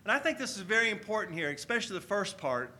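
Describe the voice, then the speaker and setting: A pastor delivers a sermon in a high, bright voice. He is energetic and calls on his congregation to shout their answers back. He preaches to his church. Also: fast. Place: church sanctuary.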